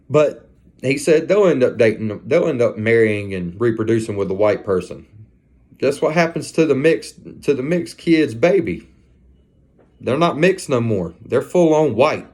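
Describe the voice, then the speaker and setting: Male storyteller, mid pitch, casual and profane, animated retelling.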